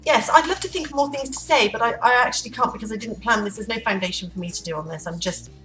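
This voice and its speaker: A woman's voice: fairly high pitch, quick pace, fairly bright tone. A woman chatting to camera in a vlog at home, unplanned, rambling and playful. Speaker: vlogger. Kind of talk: unplanned casual chat to camera. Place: room at home. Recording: echoey room, distant mic, faint music.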